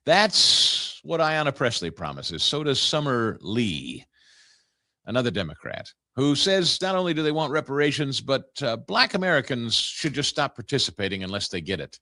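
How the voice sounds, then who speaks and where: A man's voice: mid-range voice, big pitch swings, normal speed, bright, forceful tone, no echo, studio quality. Incredulous man hosting political talk. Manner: sarcastic, incredulous. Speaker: talk show host. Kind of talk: opinionated political commentary.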